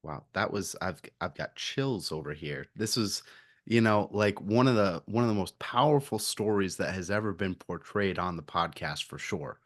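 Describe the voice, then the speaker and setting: A man's voice: deep voice, lively intonation, moderate pace, a bit bright, dry recording, studio quality. A man hosting a podcast interview, encouraging his guest with short affirmations. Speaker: podcast host.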